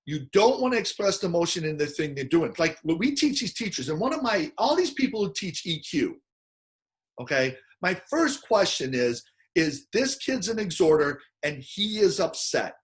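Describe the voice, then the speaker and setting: A man giving an animated teaching talk, acting out quoted people in loud, excited bursts. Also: high-pitched, normal speed. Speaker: personality model speaker.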